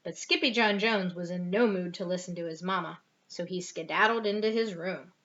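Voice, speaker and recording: An older woman reading a picture book aloud to a child in an expressive, sing-song way. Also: on the low side, moderate pace. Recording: dull lo-fi home recording.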